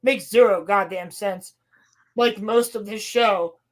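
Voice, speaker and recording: A woman on a podcast, casually recapping a show with sarcasm and a lot of swearing, slipping into quick playful voices for quoted lines. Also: medium pitch. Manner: sarcastic, profane, mocking. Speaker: podcast co-host reviewing a TV show. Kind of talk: casual chat.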